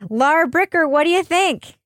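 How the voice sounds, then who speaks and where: A woman's voice: extremely high pitch, normal speed, fairly bright tone, no room sound, clean studio sound. A woman hosting a podcast panel in casual chat, playful and often laughing mid-sentence. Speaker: podcast host leading a panel.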